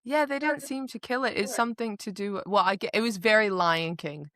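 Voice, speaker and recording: A woman co-hosting a podcast, chatting about a book with animated, sarcastic asides. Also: mid-range voice, a little fast, dry recording, clean studio sound. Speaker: podcast co-host. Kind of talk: casual book discussion.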